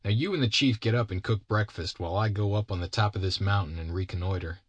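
Brief: man as a slick storybook schemer, low-voiced and folksy, unbothered. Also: fast, husky, dry recording. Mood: breezy. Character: smooth-talking grown man, a scheming kidnapper.

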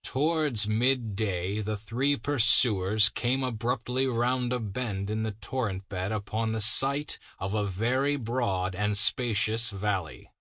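A man narrating a classic story as an audiobook reader, in a measured, deliberate way. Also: on the low side, bright, forceful tone, no room sound.

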